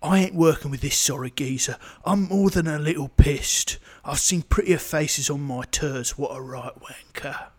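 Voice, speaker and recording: A man's voice: fairly high pitch, normal speed, few pauses, a little mellow, lightly acted. A British man playing a bald, cocky male agent who trades slangy insults with a rival. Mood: scornful. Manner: slangy trash talk.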